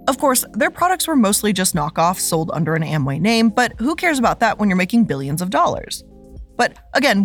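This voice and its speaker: A woman host reads her scripted narration with plenty of sarcasm and lively emphasis. Her voice sits at a middle pitch for a woman. Light music plays faintly behind her.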